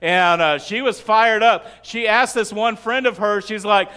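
High-voiced, bright preacher man. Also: normal speed, hardly any pauses, clear, resonant tone. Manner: conversational, humorous, acts out quoted prayers. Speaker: pastor. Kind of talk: sermon.

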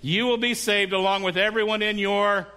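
A man's voice: high-pitched, fairly even intonation, normal speed, sharp tone, smooth. A male pastor preaching a sermon in a conversational way, often asking the congregation questions.

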